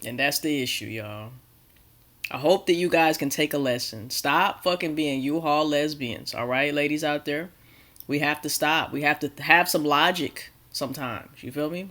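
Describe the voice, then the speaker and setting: A woman's voice: low voice, moderate pace, pushed and bright. A woman hosting a casual chat, making blunt, profane comments and laughing asides.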